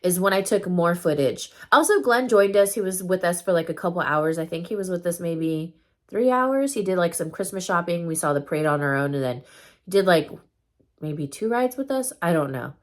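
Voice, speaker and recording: A woman's voice: lowish voice, animated, normal speed. A woman vlogger telling a story time in casual chat, full of fillers and loose swearing.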